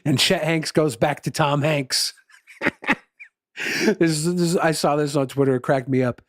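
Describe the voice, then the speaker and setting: A man's voice: fairly high pitch, fairly even intonation, normal speed, no room sound, studio quality. A male musician chatting casually with his livestream viewers, rambling, laughing often and swearing freely.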